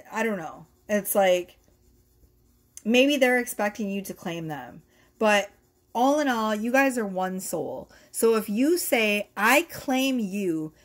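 A woman doing a casual tarot reading to camera, excitable and blunt, with bursts of swearing and laughter. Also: mid-range voice, breathy edge. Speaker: tarot reader.

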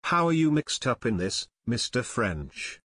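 A man's voice: medium pitch, sing-song, a little slow, a bit bright, breathy edge, no room sound, studio quality, heavily acted. A man reading a plucky teenage boy detective who asks direct questions, in an audiobook. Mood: earnest.

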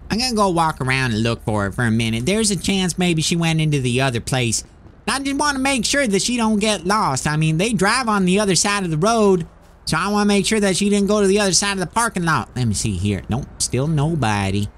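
A man playing an eager, dim-witted rural young man with a put-on rural American drawl, rambling and excitable in game role-play. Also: sits high, brisk.

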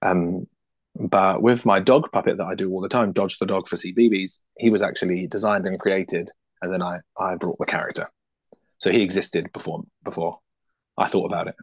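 A British man talking as a puppeteer guest in a casual interview. He is animated, laughs often and restarts his sentences quickly. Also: low voice, husky, dry recording. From United Kingdom.

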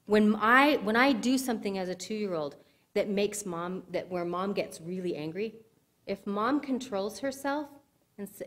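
A woman giving conversational sermon-style teaching in a church, checking with her listeners as she goes. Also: mid-range voice. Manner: conversational teaching, asks the audience if it makes sense. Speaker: speaker at a church service.

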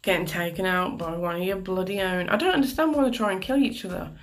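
Talking fast in a mid-range voice, a gaming commentator narrates her own live gameplay. She's chatty and fed up, throwing in a lot of mild curses.

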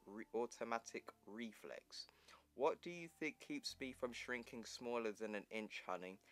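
A bossy, sharp-tongued woman scientist, read aloud by a man. The voice stays in his own middle register with a dry, close sound. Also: medium pitch, no echo, natural voice. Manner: snippy, bossy, read-aloud comic dialogue.

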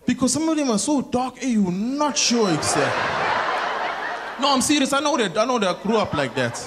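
Lively South African comedian on stage. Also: male voice, extremely high pitch, fast talker. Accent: South African, Durban. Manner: animated, switching into mimicked voices. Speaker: stand-up comedian. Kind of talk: stand-up comedy set. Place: large theatre stage. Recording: live theatre with audible crowd noise. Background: audience laughter.

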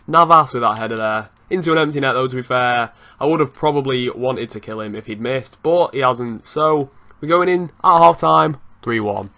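A young man giving lively, excitable commentary over his own football video game match, swearing now and then and breaking into laughter. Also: medium pitch, moderate pace, gravelly, hardly any pauses. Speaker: gaming youtuber. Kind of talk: live gameplay commentary.

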